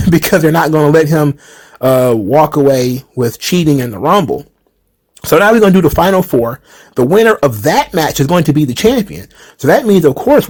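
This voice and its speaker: A man hosting a casual chat about wrestling, animated and quick to laugh, who asks lots of rhetorical questions. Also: on the high side. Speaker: channel host answering viewer questions.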